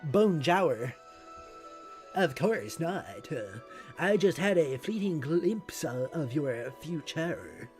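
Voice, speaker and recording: Woman doing a pompous male prophet in a mangled mock-French accent; slow, theatrical. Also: deep voice, lively intonation, a little mellow, soft background music, pitched below the performer's own voice. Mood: hammy prophetic. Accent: mangled fake French. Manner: slow, drawn-out theatrical delivery.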